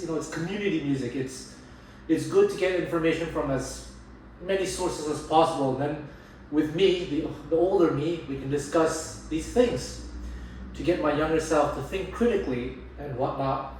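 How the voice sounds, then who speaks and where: A slightly high male voice, with some hiss or hum, belongs to a jazz guitar teacher and host. In a relaxed talk on music teaching, he stresses points about playing for an audience and often begins sentences again. The sound is roomy and distant, with faint ambience.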